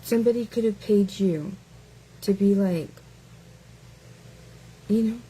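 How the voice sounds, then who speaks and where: A woman's voice: mid-range voice, slow, warm tone, husky, rough recording. A woman hosting a casual live stream who mocks her target with taunting rhetorical questions, stretching out words as she goes.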